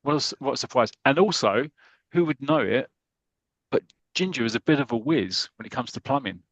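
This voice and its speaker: A man from Britain, a podcast co-host, retelling a comic story in animated casual chat with quick asides. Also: medium pitch, no echo.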